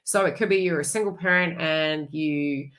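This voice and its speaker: Bright-voiced woman giving an astrology forecast. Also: low voice, normal speed. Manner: chatty, rambling, animated asides. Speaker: astrology reader.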